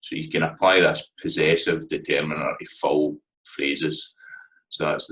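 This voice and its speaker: A Scottish man with an extremely low, deep voice talks through a lesson in a relaxed, conversational way. He fills his pauses with "um" and checks in often with "right?". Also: rough recording. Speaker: language teacher. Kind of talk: casual spoken lecture.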